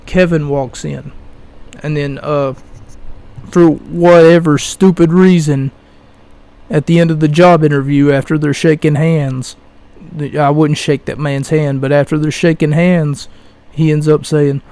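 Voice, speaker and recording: A young man hosting his own podcast, ranting slowly with mocking scorn and loud bursts of passion. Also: fairly high pitch, little pitch movement, clean tone, dry recording. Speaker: podcast host. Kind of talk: solo podcast rant.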